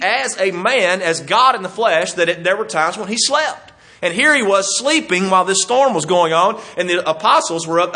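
A man's voice: on the high side, bright, forceful tone. A middle-aged man preaching a sermon in a folksy, self-deprecating way, chuckling as he tells stories.

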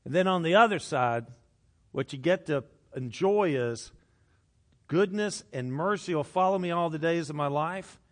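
A middle-aged man preaching a sermon, swinging from hushed, intimate passages to loud, animated outbursts. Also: fairly high pitch, normal speed. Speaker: pastor.

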